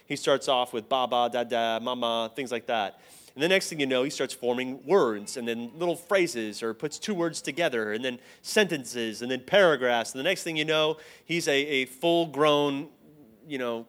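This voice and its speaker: A man giving a casual storytelling sermon to a live group, acting out the voices in his anecdotes. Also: mid-range voice. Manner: animated, acts out both sides of dialogue. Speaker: speaker at a church teaching.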